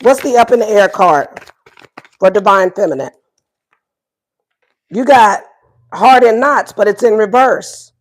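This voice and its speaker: A woman's voice: medium pitch, measured pace, pauses often. A woman doing a casual livestream tarot reading, playful and profane, repeating her questions to the viewers. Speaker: tarot reader.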